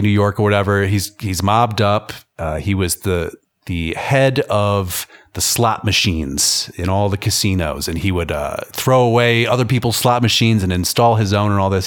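A man co-hosts a casual podcast from his home, summing up a film with jokes and lively asides. His voice sits on the lower side. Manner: animated, joking storyteller. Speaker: podcast co-host. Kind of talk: casual chat. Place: at home near an airfield.

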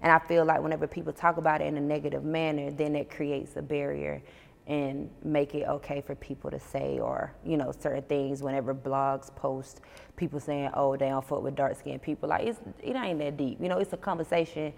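A Georgia woman, an artist chatting bluntly and profanely in an interview, telling animated stories. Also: deep voice, fairly quick, creaky, in a large hall. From Georgia, USA. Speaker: musician guest. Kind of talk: casual interview chat. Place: on a porch outdoors.

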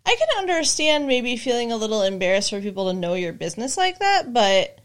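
A woman's voice: on the high side, very animated, a little fast, smooth. A woman co-hosting a podcast, chatting casually and wryly about a TV episode. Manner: conversational, wry, lots of fillers. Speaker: podcast co-host. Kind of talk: casual chat recapping a TV episode.

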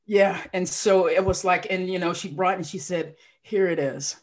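A woman's voice: lowish voice, normal speed. A woman life coach, a podcast guest, telling her story with feeling and acting out what people said. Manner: emotional, animated storyteller who acts out quotes. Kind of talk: casual podcast interview.

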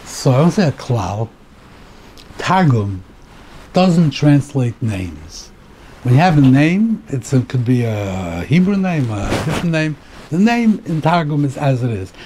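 A man's voice: mid-range voice, very animated, a little slow, dark tone, a little hiss or hum. A rabbi giving a Torah lecture, mixing Hebrew terms into English and often repeating words as he thinks.

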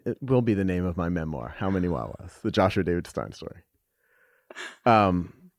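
A middle-aged man, a podcast guest, talking candidly and thoughtfully, with halting restarts and the odd swear word. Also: mid-range voice, no room sound, studio quality. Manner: reflective, halting, with frequent restarts and casual swearing. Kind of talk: candid conversational storytelling.

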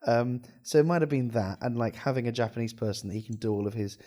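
A man's voice: medium pitch, fast talker, dark tone. A man co-hosting a casual podcast, reflective and questioning, with hesitant restarts. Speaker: podcast co-host.

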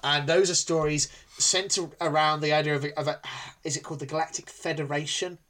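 A man's voice: a little high, fairly even intonation, brisk, a bit bright. A man co-hosting a casual podcast chat, who rambles with many ums and restarts. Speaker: podcast co-host.

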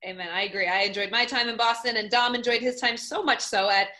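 A woman's voice: a little high, quick pace, pushed and bright. A woman hosting a podcast, chatting casually and wrapping up the show in an upbeat way. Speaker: podcast host. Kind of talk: casual chat and sign-off.

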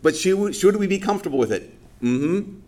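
A man's voice: high voice, expressive, normal speed, mellow. A man giving a conversational sermon as a priest during Mass. He talks casually with lots of fillers and acts out people's reactions.

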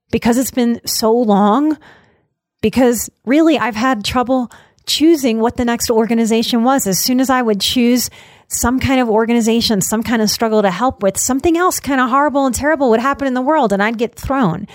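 A podcast host in Denver addresses her listeners with an announcement, her voice on the high side and her pace brisk. She sounds earnest and emotional, choking up at times, and the recording is clean studio sound with no room sound.

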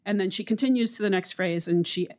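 A woman linguist explaining speech features in a measured, academic interview manner. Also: medium pitch, a little mellow. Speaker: linguist guest.

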